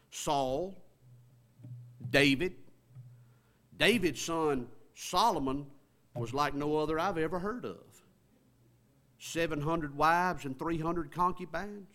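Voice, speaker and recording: A man's voice: on the high side, a bit bright. A man preaching a sermon in a folksy, conversational way, stretching words for emphasis.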